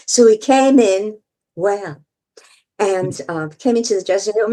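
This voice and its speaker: An older woman entertainer telling stories as a guest, lively and theatrical, often laughing. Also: mid-range voice, unhurried. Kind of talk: storytelling interview.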